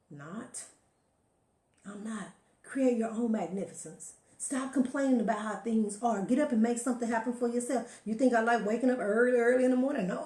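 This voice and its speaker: A woman's voice: fairly high pitch, warm tone, echoey room. A woman giving an emphatic motivational talk to her viewers, preaching and telling stories, calling listeners honey. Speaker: motivational live-stream host.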